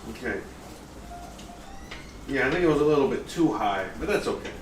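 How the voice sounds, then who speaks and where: A man's voice: medium pitch, lively intonation, normal speed. A man, a former chef, hosting a casual live cooking stream from a kitchen, rambling and joking with lots of filler words. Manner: rambling, filler-heavy, jokey. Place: home kitchen. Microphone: distant from the mic. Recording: roomy, distant, noisy home recording.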